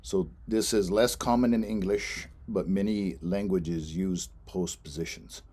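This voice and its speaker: Slow, deep-voiced man teaching a lesson. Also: fairly even intonation, warm tone. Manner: slow, patient explaining with fillers, repeats words for pronunciation. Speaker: language teacher. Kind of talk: instructional lesson narration.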